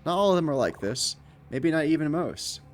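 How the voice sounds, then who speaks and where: A man's voice: a little high, lively intonation, normal speed, a little hiss or hum, voice pushed up, natural voice. A man reading out a game's stern male assassin mentor in a grim, lecturing way.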